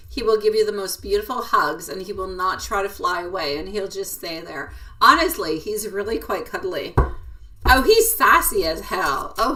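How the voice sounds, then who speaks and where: A woman's voice: mid-range voice, pushed and bright, recorded from a distance. A woman giving a live tarot reading, chatting in a giggly, affectionate way and addressing viewers by name. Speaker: tarot reader.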